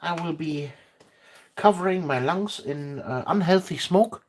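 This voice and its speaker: Slow, halting woman livestreamer. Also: low-pitched, darkish tone. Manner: hesitant, with frequent filler pauses. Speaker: miniature painting streamer. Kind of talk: casual livestream chat while painting.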